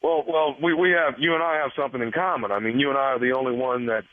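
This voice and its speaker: A man voicing a smarmy male gynecologist making a prank call, talking in halting, stammering, insinuating phrases. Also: medium pitch, no room sound, lightly acted. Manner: hesitant, stammering, creepy insinuating. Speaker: radio prank caller. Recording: tinny phone line.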